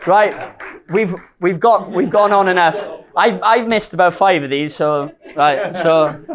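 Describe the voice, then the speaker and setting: A man's voice: high-pitched, unhurried. Rambling, emotional young man giving a wedding speech. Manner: rambling and emotional, laughing at himself. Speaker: best man. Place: wedding reception.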